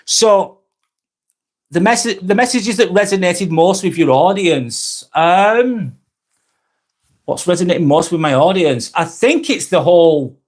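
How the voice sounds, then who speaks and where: A man's voice: high voice, lively intonation, a little slow, darkish tone. Reflective man with a Lancashire accent. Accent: Lancashire (Blackburn). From Lancashire, northwest England. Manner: rambling and reflective, frequent restarts and self-corrections. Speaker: YouTuber hosting a live stream. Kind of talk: casual live-stream monologue.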